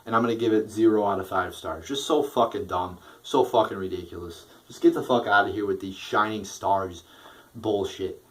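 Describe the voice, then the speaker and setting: A man's voice: on the low side, normal speed, rough recording. A young man giving a casual, profane wrestling show review, rambling with fillers and restarts.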